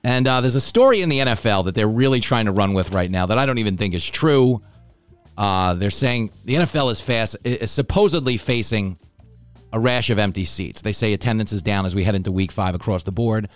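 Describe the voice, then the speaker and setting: A man's voice: lowish voice, brisk, smooth, no room sound, faint music behind. A man from Long Island, hosting a casual comedy show, joking and sarcastic about himself and the news. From Long Island, New York. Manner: joking, sarcastic, self-deprecating. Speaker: podcast host.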